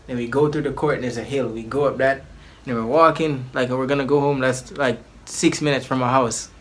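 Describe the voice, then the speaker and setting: A man at a middle pitch tells a personal story to his channel. He rambles in loose slang and restarts often. It is relaxed storytime vlog talk. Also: fairly quick. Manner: animated, acts out the people in his story.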